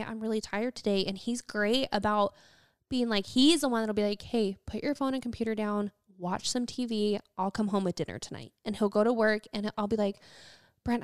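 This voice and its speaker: A woman's voice: fairly high pitch, clean tone, no room sound, studio quality. A young woman in casual conversation, telling a long personal story in a chatty way, acting out what people said, with lots of "like" and "um". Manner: chatty storytelling, quotes people, many fillers.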